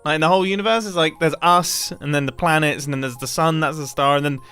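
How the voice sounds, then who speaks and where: Excitable man, high and quick. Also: clean tone, soft background music. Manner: playful, excitable, self-mocking. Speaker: Minecraft video creator. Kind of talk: casual gameplay commentary.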